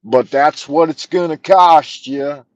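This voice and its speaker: A man voicing a smug airline ticket seller who taunts a customer, in a raised, drawn-out voice. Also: on the high side, no echo, voice pushed up. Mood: mocking.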